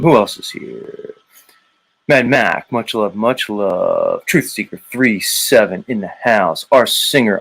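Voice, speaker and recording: A man's voice: lowish voice, gravelly, fairly bright tone, low-quality recording. A man hosting a livestream in a casual, teasing way, greeting viewers and reading their comments aloud. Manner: teasing, drawn-out, laid-back. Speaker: livestream host.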